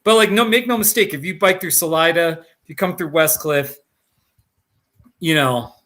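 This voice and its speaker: A man's voice: fairly high pitch, normal speed, a bit bright. A man hosting a live stream in casual chat, rambling and jokey, laughing often and restarting his sentences.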